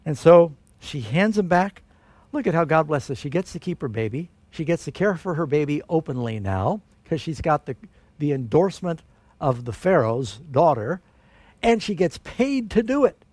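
A man preaching a sermon, telling a Bible story in an animated way with strong rises for emphasis. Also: on the high side, moderate pace, husky, no echo.

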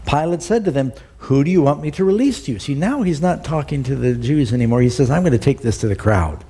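A man's voice: mellow, husky. A middle-aged man preaching a sermon, reading scripture aloud and commenting on it, lifting his voice to act out the quoted speech. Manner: acts out the quoted lines with rising pitch and emphasis.

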